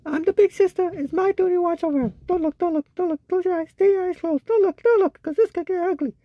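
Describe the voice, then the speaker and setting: Casting: male voice actor as a tiny bossy kitten girl, high and squeaky, dry close sound. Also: fast, no room sound, phone-quality sound. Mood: protective. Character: bossy little girl kitten, protective big sister. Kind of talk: comic voiceover of cat videos.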